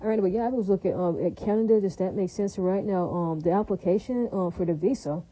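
Brief: fast-talking woman with a husky, mellow voice, chatty and blunt, keeps checking in with "right?". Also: medium pitch, low-quality recording. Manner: chatty, keeps asking "right?" and "does that make sense?"; blunt and crude, with many fillers. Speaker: vlogger. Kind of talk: casual rambling monologue.

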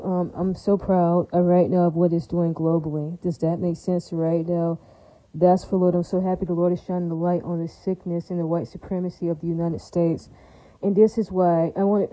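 Dark-voiced woman ranting emphatically. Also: mid-range voice, no room sound, low-quality recording. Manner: repetitive, emphatic, filler-heavy; frequent religious exclamations. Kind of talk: rambling direct-to-camera monologue.

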